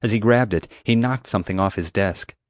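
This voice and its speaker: A man narrating an audiobook in a steady, clear storytelling manner on a close mic. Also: on the low side, a little fast, dry recording.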